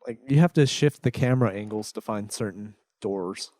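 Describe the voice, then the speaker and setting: A man's voice: lowish voice, moderate pace, darkish tone, dry recording. A man co-hosting a game review podcast, walking through the plot with dry sarcasm. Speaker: podcast co-host. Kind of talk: casual game review chat.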